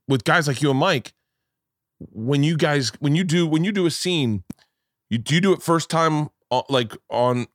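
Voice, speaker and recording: A man's voice: a little high, a bit bright, no room sound, clean studio sound. A man hosting a podcast, asking questions in a rambling casual way with many restarts. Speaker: podcast host. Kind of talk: casual interview chat.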